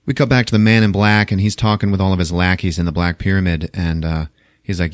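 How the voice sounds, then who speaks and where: A man's voice: low voice, fairly even intonation, quick pace, no echo, studio quality. A man hosting a podcast, casually recapping a film in loose, profane storytelling and voicing the characters as he goes. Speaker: podcast host.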